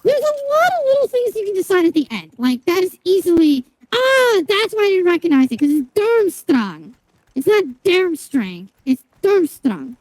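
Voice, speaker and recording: Chatting casually with viewers during a game stream, a young woman rambles, swears a lot and keeps restarting with plenty of fillers. Her very high-pitched, sing-song voice has a darkish tone and runs fairly quickly with few pauses. There's no echo, but the recording is low-quality.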